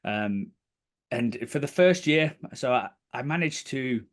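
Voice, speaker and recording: This podcast guest, a property developer from the United Kingdom, speaks slowly at a middle pitch and tells his story in a relaxed, chatty interview. He's animated, often jumping up in pitch to act out what people said.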